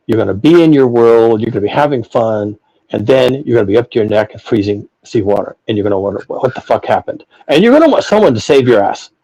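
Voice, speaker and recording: A man talks through a philosophical discussion with blunt, profane emphasis. His voice is mellow and dark, with a husky, slightly rough texture. He circles back and repeats phrases as he drives each point. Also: mid-range voice, low-quality recording. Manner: emphatic, profane ranting with repetitions. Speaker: podcast host.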